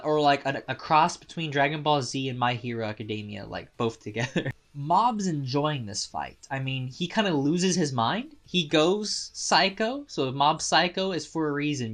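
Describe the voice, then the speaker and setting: A man casually recapping and reviewing an anime episode, excitable, laughing often and restarting his sentences. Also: a little high.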